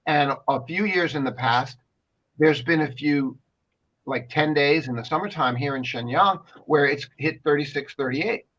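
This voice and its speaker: A man's voice: a little high, moderate pace, fairly bright tone. Emphatic rambling man, lo-fi sound. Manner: emphatic, rambling, repeats himself. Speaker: co-host. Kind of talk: casual commentary talk show.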